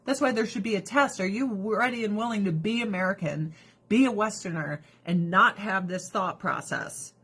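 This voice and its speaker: A woman's voice: mid-range voice, normal speed, husky. A woman vlogger chatting through her skincare routine, profane and sarcastic, breaking into mocking voices. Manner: animated, drops into mocking voices. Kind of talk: casual rant during a skincare routine.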